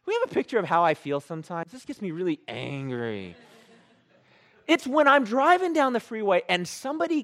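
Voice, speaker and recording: Man, pastor, sermon, animated storytelling, self-mocking, very lively pitch.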